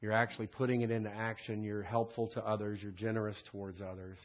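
A man's voice: lowish voice, level tone, fast, dull audio. Man teaching a conversational Bible lesson. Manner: conversational, often adds "right?"; frequent throat clearing and restarts. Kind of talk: recorded Bible study lesson.

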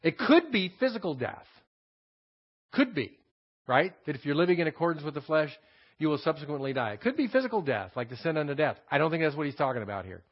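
A man's voice: a little high, very animated, quick pace, breathy edge. Texan preacher guy breaking down greek words, says stuff twice, kinda muffled old recording. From Texas. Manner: repeats key phrases, explains Greek words. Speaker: pastor teaching scripture. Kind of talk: expository Bible teaching. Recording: dull lo-fi sermon recording.

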